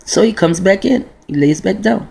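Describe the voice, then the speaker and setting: A woman in her forties talks straight to the camera in a loose, rambling vlog monologue. Her voice has a gravelly, creaky edge at a middling pitch. She swears freely and circles back on herself, restarting her sentences as she goes. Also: lively intonation, moderate pace, darkish tone. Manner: rambling and profane, with many restarts and fillers. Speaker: vlogger.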